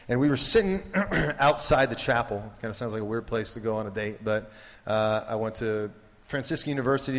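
Rambling man in a reverberant hall. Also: medium pitch. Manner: rambling and jokey, heavy with 'like' and 'you know'. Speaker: campus ministry speaker. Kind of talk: casual faith talk to students.

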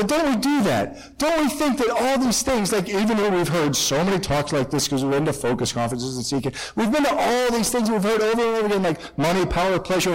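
A young man, a Catholic priest, giving an animated talk to a conference crowd, acting out voices as he tells stories. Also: sits high, low-quality recording. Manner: animated storytelling, acts out kids' voices.

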